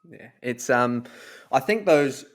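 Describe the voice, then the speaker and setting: Laughing podcast co-host. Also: male voice, medium pitch, expressive, slow pace. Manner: laughs often, loose chatty phrasing. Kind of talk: casual chat.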